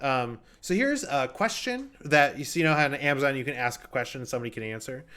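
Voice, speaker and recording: A man's voice: medium pitch, lively intonation, fast, pushed and bright, clear, resonant tone. Chatty male game show host. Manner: loose and chatty, with frequent ums. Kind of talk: casual hosting banter.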